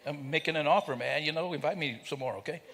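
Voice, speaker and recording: A man's voice: fairly high pitch, quick pace, a bit bright. An older man telling a funny story to a live audience, joking and teasing people in the crowd. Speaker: speaker at a celebration. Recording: reverberant hall.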